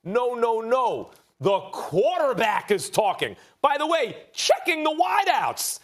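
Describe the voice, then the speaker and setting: A man making rapid-fire, argumentative rebuttals as a host on a televised sports debate show. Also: very high-pitched, sing-song. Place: TV studio.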